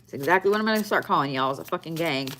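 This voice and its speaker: Woman with a lowish voice as a zodiac reader, casual, profane and repetitive, a touch tired. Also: lively intonation, very fast, a bit bright, slight background noise. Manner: blunt, swears often, repeats phrases for emphasis. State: tired, yawning. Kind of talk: casual weekly zodiac card reading.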